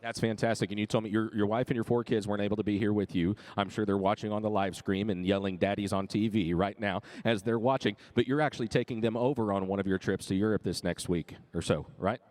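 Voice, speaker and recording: Quick-talking male stage interviewer. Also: on the low side, steady tone, a little mellow. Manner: upbeat, chatty questions. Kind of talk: live event interview.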